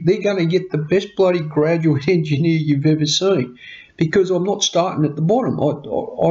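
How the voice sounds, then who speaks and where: A man's voice: high-pitched, a little mellow. A passionate young Australian man with a stammering, heartfelt way of talking, telling his own story in a personal vlog. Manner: passionate, stammering, tearful at times. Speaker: vlogger. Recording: dull lo-fi sound.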